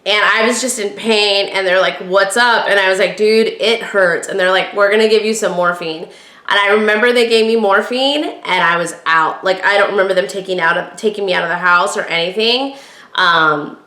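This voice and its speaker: A woman hosting a podcast, telling a personal story in a chatty, animated way and talking straight to her listeners. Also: mid-range voice, a little fast, reverberant. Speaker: podcast host. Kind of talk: casual storytelling.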